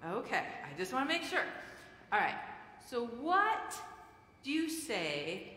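A bright-voiced woman pastor talking slowly and playfully with children, coaxing them to join in. She is heard in a church sanctuary with a roomy, long reverb around her. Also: a little high, big pitch swings, slight background noise. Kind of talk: children's message in a church service.

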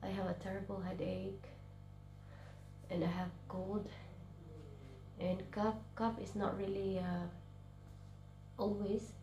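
Sick with a cold and in self-quarantine, an English teacher vlogs casually from her bedroom, her voice tired and frequently sinking to a whisper. Her mid-range voice has a dark, level tone, and she takes her time with frequent pauses. The sound is roomy and lo-fi, with faint music in the background.

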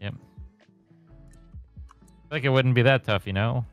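A man's voice: medium pitch, slow, faint music behind. A young man chatting with friends while playing a game, laughing often and rambling with plenty of swearing. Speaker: fellow player. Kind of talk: casual gaming chat.

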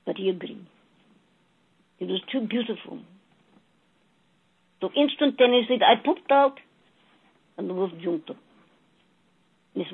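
Husky woman telling a spiritual fable. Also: medium pitch. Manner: slow, storytelling, addressing listeners as beloved souls. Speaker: channeler. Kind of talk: channeled spiritual message with a fable. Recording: tinny phone-like audio.

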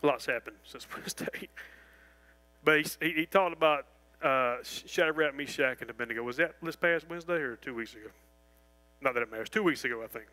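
A man preaching a sermon in a church, animated and folksy, full of restarts and asides. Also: mid-range voice, fairly quick, rough recording. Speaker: pastor. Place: church sanctuary.

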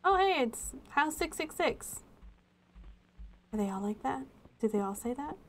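A woman's voice: high-pitched, animated, measured pace. A woman streaming a horror game, chatting with sarcastic jokes and giggles as she plays. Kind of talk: live game commentary.

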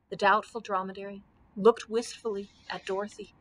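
A woman librarian reading a children's book aloud with expressive storytelling. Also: a little high, moderate pace.

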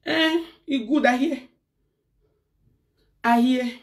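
A woman's voice: high voice, slow, recorded from a distance. A woman with a Nigerian accent ranting in casual chat as a live-stream host, slipping pidgin into her English.

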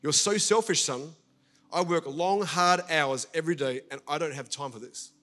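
A man's voice: on the high side, moderate pace, bright, forceful tone. A man voicing a tired, irritable working father in a sermon story, snapping and short-tempered. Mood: irritated.

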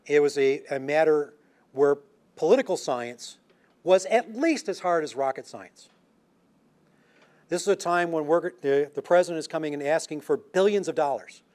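An older man with a somewhat high voice gives a public science talk. He tells stories loosely, with asides and restarts. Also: darkish tone. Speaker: lecturing astronomer.

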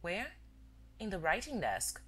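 A woman voicing a gentle, innocent young daughter who speaks softly. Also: mid-range voice, wildly swooping pitch, measured pace, breathy edge, voice pushed up, exaggerated voice. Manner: soft, murmuring.

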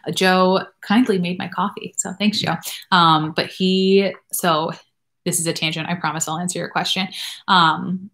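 A woman in her thirties hosts a live question-and-answer stream, answering viewers in a loose, rambling way full of fillers and side tangents. Her voice sits a little low for a woman. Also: fairly even intonation, moderate pace, a bit bright. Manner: rambling and chatty, many fillers and asides. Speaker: nurse practitioner and channel host.

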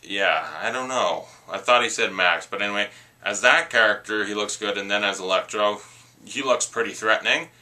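A man's voice: lowish voice, moderate pace, bright, forceful tone. Blunt man ranting about movie trailers. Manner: opinionated, rambling, blunt. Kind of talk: casual opinionated rant.

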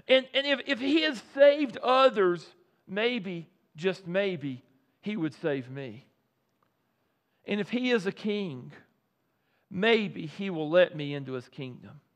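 Slow, high-voiced male preacher. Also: expressive. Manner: slow, deliberate preaching with repeated phrases and dramatic pauses. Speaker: pastor. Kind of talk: sermon.

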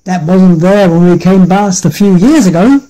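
A man's voice: high voice, normal speed, warm tone, lightly acted, poor audio. A man voicing a big sensible billy goat. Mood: impressed.

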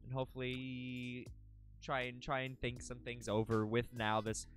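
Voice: medium pitch, completely flat delivery, a little slow, faint music behind. A live streamer in casual chat, giggly and goofy, repeating silly words over and over.

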